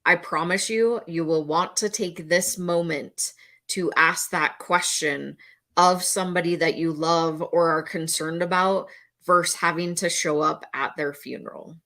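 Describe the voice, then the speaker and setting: A middle-aged woman gives a talk to the camera as a mental health educator. Her voice is bright and somewhat low-pitched. She speaks earnestly, leans on repetition, and now and then slips into a panicky voice to make a point. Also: fairly even intonation, unhurried. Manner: earnest, repeats key phrases, acts out panicked voices.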